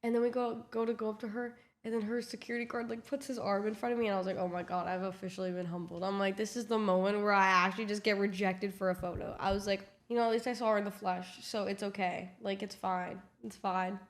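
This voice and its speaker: A woman's voice: mid-range voice, flat delivery, fast talker, few pauses. A young woman telling a casual storytime vlog, chatty and full of swearing and filler words, acting out what everyone said. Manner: chatty, swears a lot, lots of "like", acts out quotes.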